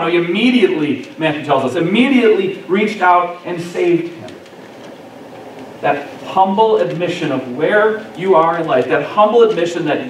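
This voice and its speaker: A man preaching a sermon as pastor, expressive, acting out the lines he quotes. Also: sits high, moderate pace. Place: church sanctuary. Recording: echoey church room from far off, faint noise.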